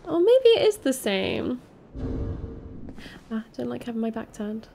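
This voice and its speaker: A woman doing excitable, jumpy commentary while playing a game. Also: on the high side, a little slow, vocal fry, faint music behind. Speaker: gaming streamer. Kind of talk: let's play commentary.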